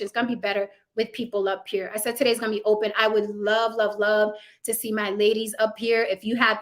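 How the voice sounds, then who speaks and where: A woman hosts a live stream and speaks straight to her viewers and moderators. Her voice sits on the higher side, and she talks bluntly and emphatically, swearing freely as she makes her points. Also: fairly bright tone. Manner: addresses chat and moderators directly. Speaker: livestream host.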